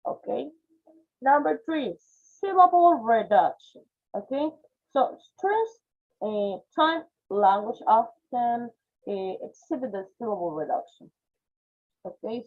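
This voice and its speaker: A woman teaching a phonetics class online, explaining step by step and checking in with "okay?", with Spanish as her first language. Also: a little high. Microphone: video call. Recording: tinny phone-like video call audio.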